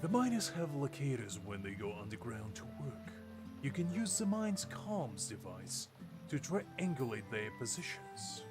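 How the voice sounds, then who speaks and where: A man's voice: mid-range voice, very animated, measured pace. A man streaming a game, reading the dialogue aloud with playful, rambling asides. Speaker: gameplay streamer. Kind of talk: casual gameplay commentary, reading dialogue aloud. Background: game music.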